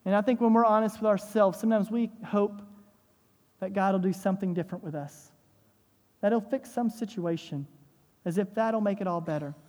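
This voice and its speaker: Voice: mid-range voice, fairly quick, darkish tone, big-room sound. A pastor preaching a sermon in a church, emphatic, with rhetorical questions and repeated phrases.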